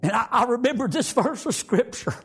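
A man preaching an emotional sermon in folksy rural grammar. He swings from loud pleading to hushed tones. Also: extremely high pitch, lively intonation, a little fast, slightly rough.

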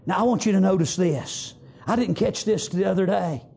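A man preaching a fervent sermon, rising to shouts and punctuating with amens. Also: high voice, normal speed, gravelly, husky.

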